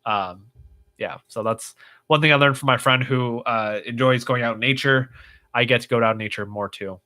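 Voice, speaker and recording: A man's voice: medium pitch, moderate pace, pushed and bright. A man hosting a casual livestream, reading viewer comments aloud and chatting in a rambling way with lots of fillers. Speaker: livestream host.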